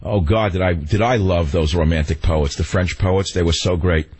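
A man's voice: low-pitched, steady tone, moderate pace, a little mellow, husky. An older man with a New York accent hosting a call-in radio show, rambling and opinionated, swinging between ranting and wistful storytelling. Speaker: radio talk show host. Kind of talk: talk radio monologue and call-in.

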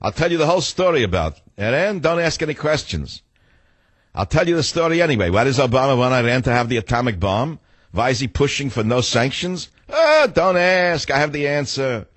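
A man's voice: mid-range voice, very animated, brisk, a bit bright, dry recording, pitched above the performer's own voice. A man voicing an older man with a mock New York Yiddish accent, who asks himself questions and answers them insistently. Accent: old New York Yiddish.

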